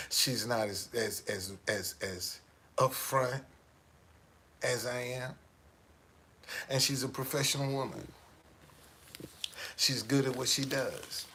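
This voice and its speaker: A middle-aged man vlogging in a casual storytelling monologue, animated and streetwise, often restarting his sentences. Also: mid-range voice, husky.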